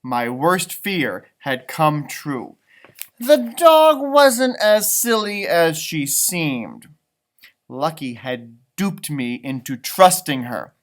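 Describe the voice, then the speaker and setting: A man voicing a boastful male leprechaun who tells his own story with dramatic, sudden loud exclaims. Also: a little high, big pitch swings, slow.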